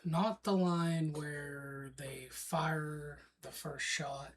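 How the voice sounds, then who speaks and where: A man co-hosting a casual history podcast, reading his script in a slow, halting way. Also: a little high, fairly even intonation, a little hiss or hum. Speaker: co-host.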